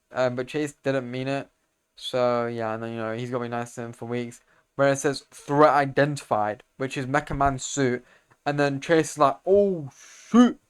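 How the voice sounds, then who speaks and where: A young man casually recapping a comic, rambling in slang, correcting himself, and getting loud and excited over the fight scenes. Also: medium pitch, clean tone. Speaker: video creator explaining comics.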